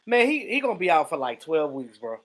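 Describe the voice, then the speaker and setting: A man hosting a casual livestream, greeting viewers by name and telling stories in an animated way. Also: a little high, fairly quick. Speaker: livestream host.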